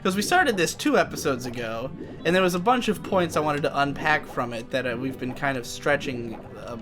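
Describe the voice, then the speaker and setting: Over background music, a podcast co-host talks briskly in a fairly high voice with lively intonation. The young man chats casually as he games, voicing his thoughts and frequently restarting what he says.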